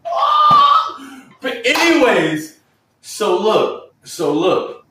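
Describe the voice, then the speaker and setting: A man's voice: medium pitch, normal speed, very noisy. Young man telling a rambling story. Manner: slangy, profane, rambling and animated. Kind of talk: casual storytime. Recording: roomy echo, mic far off.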